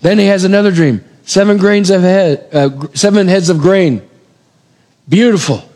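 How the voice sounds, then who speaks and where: A man preaching a sermon, retelling a scripture story in a lively way and acting out the characters' lines. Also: high voice, normal speed. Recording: long reverb of a large hall.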